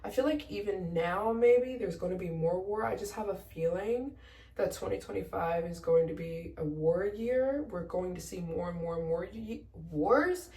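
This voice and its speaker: A young American woman with a fairly low, mellow voice tells a travel-vlog story at a moderate pace, casual and emotional, close to tears as she acts out both sides of her conversations. She sounds far from the mic in an echoey room.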